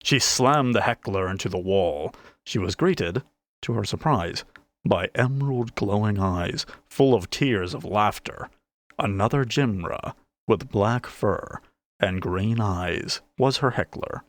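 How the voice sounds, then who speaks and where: A man reading a fantasy audiobook in a lowish voice. His delivery rises and falls in a lively way. The sound is close and dry with no room echo. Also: slow pace. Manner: expressive storytelling. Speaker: narrator. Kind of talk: audiobook narration.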